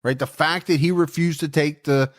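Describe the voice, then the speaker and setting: A man's voice: fairly high pitch, fairly even intonation, moderate pace. Man casually telling a true-crime story. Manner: jokey, conversational storytelling with asides. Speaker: podcast co-host.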